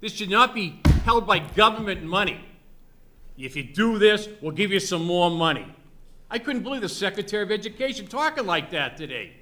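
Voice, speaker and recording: A man's voice: high-pitched, very animated, normal speed, pushed and bright. A man giving an impassioned, repetitive public comment at a town meeting, scolding and patriotic.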